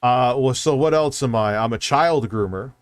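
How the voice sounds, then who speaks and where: A man's voice: medium pitch, moderate pace, smooth, dry recording. A man hosting a casual livestream, swearing and ranting in exasperation at a device. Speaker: streamer host.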